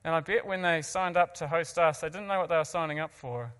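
Man, New Zealand accent, earnest testimony to an audience, restarts his sentences, slightly high-pitched, long hall echo. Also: a little fast, a bit bright, clean tone. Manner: earnest, self-mocking asides, frequent restarts. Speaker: guest speaker.

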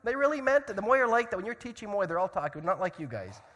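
A man preaching a sermon, telling a story dramatically and swinging from loud shouts to hushed tones. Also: high-pitched, very animated, fast talker, big-room sound.

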